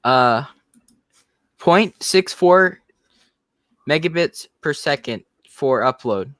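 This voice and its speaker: A man's voice: on the high side, expressive, slow pace, a bit bright, no echo, studio quality. A man chatting casually on a livestream, blunt and self-deprecating. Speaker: guest on the stream. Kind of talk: casual chat.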